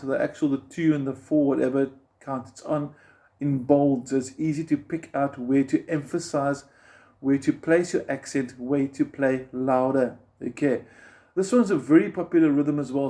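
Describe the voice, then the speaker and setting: A man's voice: fairly high pitch, mellow. A man teaching beginner guitar step by step, patiently explaining and counting the beats aloud as he strums.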